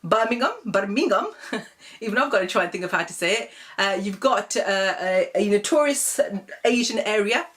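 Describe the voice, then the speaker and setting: A woman's voice: medium pitch, normal speed, a bit bright. A woman from England, talking casually to camera in a comic video blog, chatty and amused, with many ums. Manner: chatty and amused, many ums, laughs at her own examples. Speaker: vlogger.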